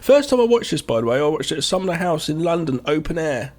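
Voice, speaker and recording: A man co-hosting a podcast, giving sweary, excitable commentary on a film in casual chat. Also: on the high side, fast. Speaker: podcast co-host.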